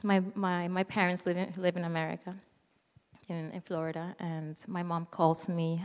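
Thirties woman, lowish voice, telling her testimony in a reverberant hall, earnest, restarts often. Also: little pitch movement, a little mellow, clean tone. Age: 30s. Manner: earnest, halting, with frequent restarts. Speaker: speaker giving a testimony. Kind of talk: personal faith testimony.

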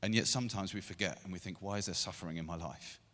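A man's voice: low-pitched, fast. Preaching man in an echoing hall. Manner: builds to loud emphatic repetition. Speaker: pastor. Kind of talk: sermon. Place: church meeting room. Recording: long hall reverb.

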